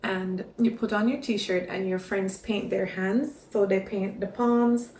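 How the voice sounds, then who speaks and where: A woman chatting in a casual vlog, telling stories in an expressive, chatty way. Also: medium pitch, a little slow, slight background noise. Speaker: vlogger. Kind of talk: casual pregnancy vlog chat. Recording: echoey room.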